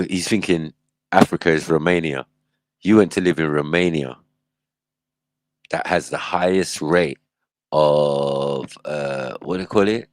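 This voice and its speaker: A man's voice: extremely low pitch, no echo. A man hosting a livestream, reacting in casual, slangy commentary and laughing often. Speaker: livestream host.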